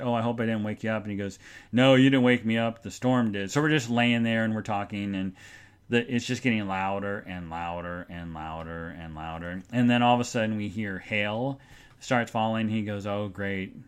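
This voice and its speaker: On his live podcast, a man chats in a loose, rambling way, reads listener comments, and plugs the show with tongue-in-cheek sarcasm. His voice sits on the low side, steady and clean, at normal speed.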